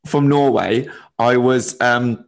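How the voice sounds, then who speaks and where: A man, a stand-up comedian, telling a lively story in casual chat, laughing as he goes. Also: mid-range voice, slow.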